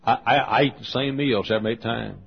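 An older man, a pastor, preaching a sermon with a loud voice and lively storytelling. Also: medium pitch, fairly quick, gravelly, a little hiss or hum. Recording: dull lo-fi sermon recording.

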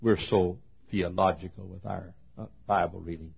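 An older man preaching a folksy, storytelling sermon, swinging between loud passages and hushed asides. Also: sits low, steady tone, normal speed, gravelly, husky. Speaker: pastor. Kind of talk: sermon with acted quotes. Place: auditorium. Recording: dull lo-fi sermon recording.

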